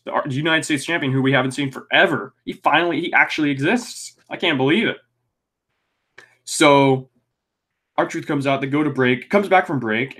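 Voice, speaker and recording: A young man talks his way through a weekly wrestling review in a loose, unscripted podcast style. He pauses on filler words, corrects himself mid-sentence and tosses in the occasional swear. His voice sits at an ordinary middle pitch for a man. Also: a bit bright. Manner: rambling, frequent ums and restarts, swearing. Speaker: podcast co-host.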